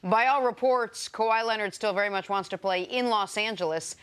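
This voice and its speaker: Brisk female sports show moderator. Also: medium pitch, fairly bright tone, smooth. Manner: brisk, announcer-like read on segues. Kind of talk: scripted show segues and casual chat.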